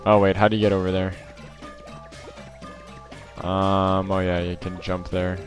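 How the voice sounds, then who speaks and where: A man's voice: sits low, flat delivery, a little slow, over music. A man giving casual gameplay commentary as a let's play host, rambling with lots of fillers and self-corrections.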